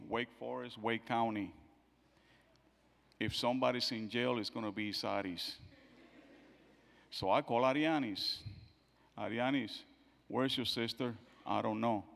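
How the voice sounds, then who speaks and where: A middle-aged man giving a eulogy for his daughter, telling family stories and acting out the quotes, his voice swinging from soft to loud. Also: medium pitch, vocal fry. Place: church sanctuary. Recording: long church hall reverb.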